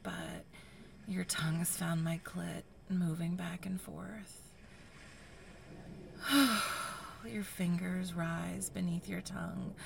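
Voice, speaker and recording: Slow, gravelly whispering woman. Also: lowish voice, slight background noise. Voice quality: breathy, sighing whisper. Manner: intimate, hushed first-person storytelling. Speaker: erotic audio narrator. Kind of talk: whispered role-play.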